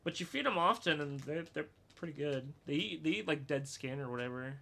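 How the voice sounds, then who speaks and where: A man's voice: on the high side, animated, fairly quick, creaky, bright, forceful tone, slight background noise. A man streaming a game, chatting casually and joking, with lots of filler words. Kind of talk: game commentary.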